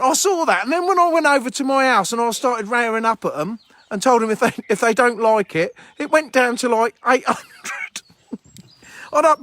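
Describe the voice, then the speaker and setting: Chatty guy with a high voice. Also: a bit bright. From England. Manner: rambling, blunt, chummy. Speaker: livestream host. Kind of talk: casual livestream chat reading viewer comments. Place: outdoors by a fishing lake.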